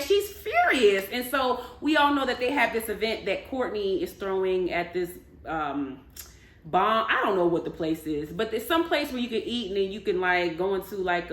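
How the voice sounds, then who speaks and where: A woman recapping a reality show in a casual, animated, chatty way, with emphatic storytelling. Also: fairly high pitch. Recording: echoey room.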